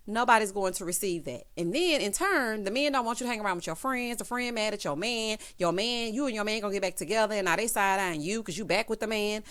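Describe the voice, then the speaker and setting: A woman's voice: medium pitch, expressive, fast talker, few pauses, a bit bright, smooth. A woman recapping a reality show in a chatty, sassy way, full of quips like "child" and "honey". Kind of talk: casual opinionated show recap.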